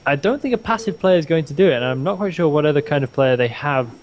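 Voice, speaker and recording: A man's voice: a little high, lively intonation, fast, a little hiss or hum. A young man casting a strategy game match in a casual, chatty way, often restarting his words. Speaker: esports caster.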